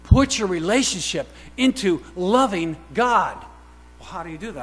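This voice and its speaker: A man's voice: sits high, animated, normal speed. Man preaching in a reverberant hall. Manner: swings between quiet asides and loud emphatic declarations; fires rhetorical questions at the congregation. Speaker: pastor. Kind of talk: sermon. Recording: reverberant hall with faint mains hum.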